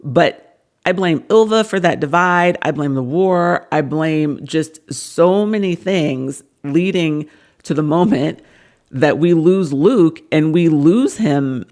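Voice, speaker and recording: A woman's voice: low voice, takes it slowly, a little mellow. A woman hosting a casual book breakdown vlog, earnestly retelling the plot at length. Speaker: book reviewer.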